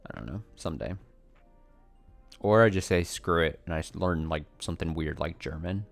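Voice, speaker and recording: A deep-voiced man talks loosely while streaming a game, drifting between topics and making fun of himself. Faint game music plays under his voice. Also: moderate pace, gravelly. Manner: rambling, self-deprecating, chuckling, answers chat questions. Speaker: let's play streamer. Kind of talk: casual chat while playing a game.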